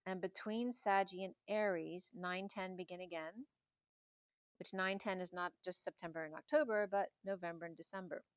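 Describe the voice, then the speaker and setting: A middle-aged woman, slightly hoarse, giving a spiritual tarot reading in a musing, meandering way that strings numbers and symbols together. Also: on the low side, fairly even intonation, normal speed, no room sound. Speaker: tarot reader.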